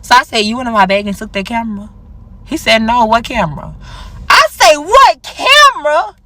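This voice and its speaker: A young woman telling a personal story casually, acting out the dialogue with big jumps in her voice. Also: fast talker. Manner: animated, acts out quoted dialogue with big pitch jumps.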